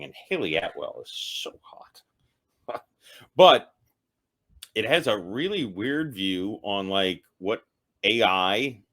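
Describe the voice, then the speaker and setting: A man's voice: medium pitch, pushed and bright. A tipsy man hosting a comedic ranking show, rambling loosely and poking fun at himself. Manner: rambling, loose and self-mocking. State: tipsy from drinking. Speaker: host ranking TV episodes. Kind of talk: casual comedic ranking monologue.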